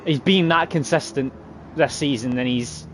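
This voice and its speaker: A man commentating a sim racing broadcast in a chatty way, laughing and quickly correcting himself. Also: mid-range voice, a bit bright, soft background music. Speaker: race commentator.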